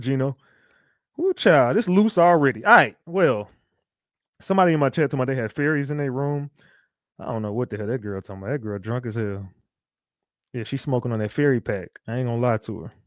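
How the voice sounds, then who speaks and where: A man's voice: mid-range voice, expressive, fairly quick, long pauses, no room sound, clean studio sound. Slangy man hosting a livestream. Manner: loose slangy banter, reacting to chat. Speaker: livestream host. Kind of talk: casual livestream chat.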